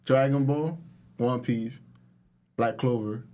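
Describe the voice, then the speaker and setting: A man's voice: medium pitch, fairly even intonation, slow pace, a loud crowd. A young man co-hosting a podcast in a casual chat, easygoing and agreeable. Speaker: podcast co-host.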